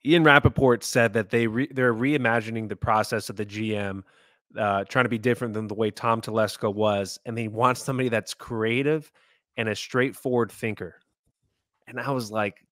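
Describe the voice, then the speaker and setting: A man's voice: mid-range voice, a little fast, a bit bright, dry recording, clean studio sound. A man co-hosting a sports podcast, giving his opinions in casual chat. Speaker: podcast co-host.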